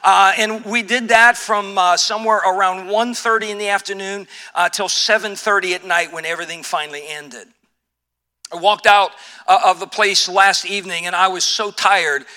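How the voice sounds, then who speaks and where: An older male pastor delivers a sermon, his voice sitting high for a man and ringing very bright and forceful. He tells a story animatedly, stumbling through restarts and fillers as he goes. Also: steady tone, moderate pace.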